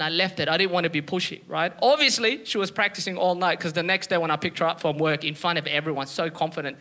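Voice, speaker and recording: A man's voice: high-pitched, quick pace, hardly any pauses, bright, forceful tone. A man from Ethiopia doing a stand-up comedy set on a club stage, telling punchy stories and acting out his mother's lines.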